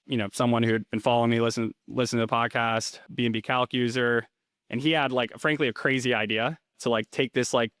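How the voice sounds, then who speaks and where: Guest in his 30s; casual, rambling talker; smooth tone, dry close recording. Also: mid-range voice, fairly bright tone, no room sound. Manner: rambling, filler-heavy, restarts often. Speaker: interview guest, rental investor. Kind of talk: casual interview chat.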